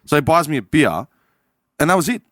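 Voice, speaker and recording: Australian man, podcast storyteller, lively swinging pitch, dry close sound. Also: a little fast, no room sound. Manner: animated storyteller acting out quoted dialogue. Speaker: podcast panelist. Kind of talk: casual storytelling chat.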